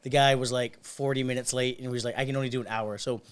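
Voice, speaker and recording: A young man hosting a podcast, trading quick, laughing banter. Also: medium pitch, flat delivery, clean tone. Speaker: podcast host. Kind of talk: casual podcast chat.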